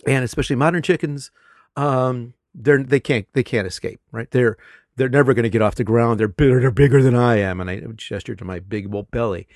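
Middle-aged guy teacher chatting, lively storyteller, laughs a lot, dry close sound. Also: mid-range voice, fairly quick, dry recording. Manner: animated storyteller, laughs often. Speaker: English teacher. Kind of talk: casual conversation.

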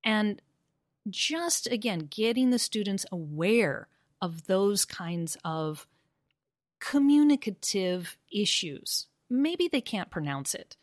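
A woman explaining pronunciation teaching, acting out example phrases with rising and falling intonation, animated and laughing easily. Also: mid-range voice, slow, no room sound, studio quality. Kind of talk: conversational discussion about teaching.

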